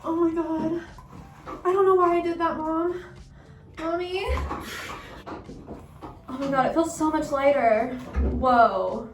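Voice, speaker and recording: A high-voiced woman talks to the camera in a breathless, excitable way and keeps repeating herself. She is recorded at home from some distance, and the room is echoey. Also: slow pace, long pauses, soft background music. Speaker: vlogger. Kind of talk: live reactions to the camera.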